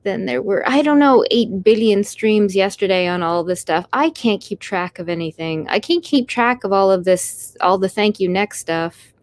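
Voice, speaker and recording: A tired Canadian woman with a Canadian accent hosts a casual live stream, rambling and apologizing as she reads her chat. Her voice sits at a middling pitch. The sound is close and dry, with almost no room around it. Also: normal speed, dry recording.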